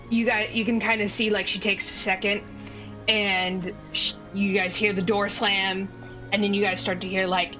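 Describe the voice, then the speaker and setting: A woman's voice: medium pitch, pushed and bright, poor audio. A woman game master narrating a tabletop game in a casual, filler-heavy way, swearing freely.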